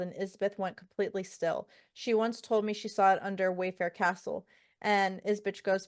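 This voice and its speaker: A woman's voice: medium pitch, a little slow, no room sound, clean studio sound. A woman co-hosting a book podcast, casually recapping chapters with profanity and acted-out quotes. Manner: profane, animated retelling with quoted character lines. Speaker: podcast co-host.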